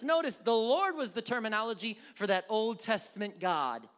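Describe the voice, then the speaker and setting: High-voiced preacher man in an echoing hall. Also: a little fast, hardly any pauses. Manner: animated preaching, acting out quoted prayers and shouts. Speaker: pastor. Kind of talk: sermon. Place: church.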